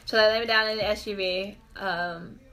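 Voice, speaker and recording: A woman telling a story as a podcast guest, lively and laughing, acting out what people said. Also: medium pitch, normal speed, slight background noise. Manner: lively, laughing, acts out quotes. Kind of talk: animated storytelling. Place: indoors, Wisconsin.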